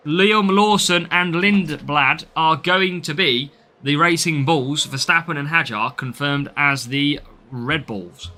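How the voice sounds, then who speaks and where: A man's voice: fairly high pitch, slow pace, bright, forceful tone. A man from the English Midlands with a Midlands accent, chatting through a live game stream and answering viewers' comments as he plays.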